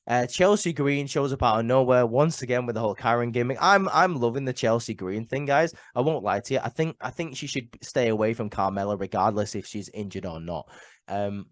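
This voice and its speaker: A man's voice: mid-range voice, brisk, dry recording, clean studio sound. A man who is ill and sniffling, giving a chatty, opinionated solo review full of "um" and "like" and repeated words. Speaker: wrestling show reviewer.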